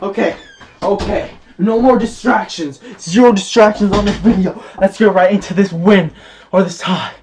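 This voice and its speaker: Young male gaming creator, high-voiced, excitable play-by-play of a football video game, shouts at big moments. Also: normal speed, noisy background. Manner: keeps calling his viewers "boys". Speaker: gaming YouTuber.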